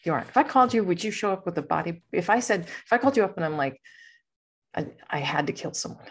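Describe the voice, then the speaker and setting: Racing along in a slightly rough, animated medium-pitched voice, a woman hosts a podcast. She rambles in a playful, casual chat and laughs a lot.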